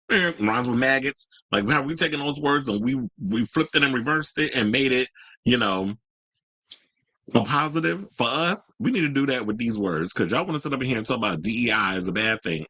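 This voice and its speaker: A man hosting a casual commentary show and reading viewer comments in an animated, sassy, outspoken way. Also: medium pitch, no echo, low-quality recording. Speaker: host.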